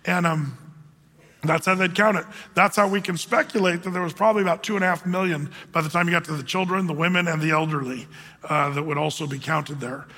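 Male pastor, high voice, casual rambling sermon delivery, hall reverb. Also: fairly even intonation, brisk, sharp tone. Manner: conversational, rambling with many fillers and restarts; acts out quoted voices with raised pitch.

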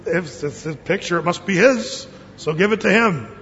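High-voiced folksy male pastor. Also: expressive, normal speed, a bit bright, in a large hall, lo-fi sound, a little hiss or hum. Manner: folksy storytelling with jokes and quoted voices. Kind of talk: sermon.

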